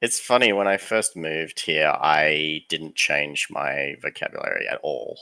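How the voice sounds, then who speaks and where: Australian co-host, very low and bright, relaxed storyteller on a hobby stream. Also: male voice, unhurried, vocal fry. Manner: laid-back storytelling, laughs often. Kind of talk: casual chat during a live hobby painting stream.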